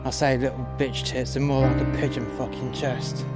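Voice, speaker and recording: A man recounts a story in a blunt, foul-mouthed, heated way. His voice sits at an ordinary middle pitch, and clear guitar music plays under the narration. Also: flat delivery, moderate pace. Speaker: storyteller, former doorman. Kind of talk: profane personal anecdote.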